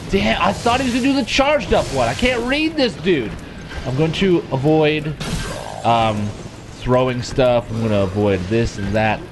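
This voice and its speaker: A man giving let's play commentary while gaming, excitable and swearing, with sudden yelps and shouts. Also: mid-range voice, normal speed, over a noisy crowd. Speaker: gamer.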